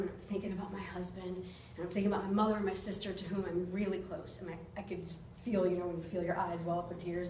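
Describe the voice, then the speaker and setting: Woman giving a speech from afar. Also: medium pitch. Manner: earnest, personal, laughs at herself. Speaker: club speaker. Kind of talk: persuasive speech. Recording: roomy, distant mic, faint noise.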